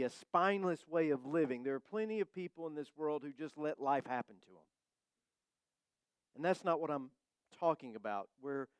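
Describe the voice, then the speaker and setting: A man preaches to his congregation in a smooth, resonant voice that sits a little high for a man. He talks like a conversation, with light humor, and draws out key phrases slowly for weight. The sound is close and dry. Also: dry recording. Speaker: pastor. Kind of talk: sermon. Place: church sanctuary.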